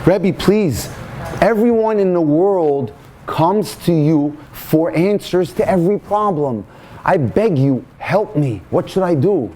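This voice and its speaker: A desperate middle-aged husband, pleading and emotional, as a storyteller puts him on. His voice sits a touch high and swings widely. A faint noise hangs behind him. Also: lively intonation, slow, dark tone.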